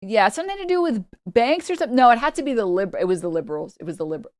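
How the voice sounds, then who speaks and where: A woman's voice: on the high side, very animated, very fast, dry recording, clean studio sound. A woman from New York, a streamer giving casual reaction commentary, rambling and repeating her points for emphasis.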